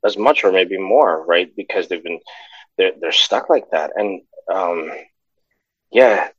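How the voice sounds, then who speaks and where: Halting thoughtful man on dull dry line. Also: deep voice, expressive, breathy edge, no echo. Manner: halting, thoughtful, many restarts. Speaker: podcast guest. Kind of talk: casual chat.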